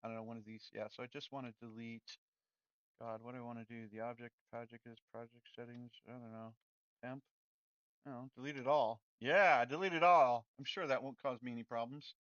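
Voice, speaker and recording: A man streaming his programming work, talking casually and rambling, often cutting himself off and getting loud and worked up when he rants. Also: medium pitch, fast talker, no echo, highs cut off. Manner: rambling and self-interrupting, turns loud and excited when ranting. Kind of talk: casual livestream chat while coding.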